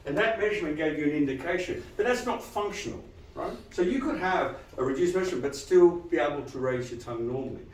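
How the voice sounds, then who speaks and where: A man giving a live lecture to dentists, animated and quizzing the audience with frequent questions. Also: a little high, quick pace, few pauses, reverberant, distant mic, low-quality recording. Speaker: dental lecturer.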